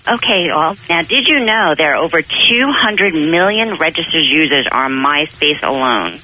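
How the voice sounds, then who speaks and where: A woman's voice: low voice, expressive, normal speed, sharp tone, low-quality recording. Upbeat woman co-host with a Long Island accent. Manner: upbeat, eager. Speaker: radio co-host. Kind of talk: casual radio chat.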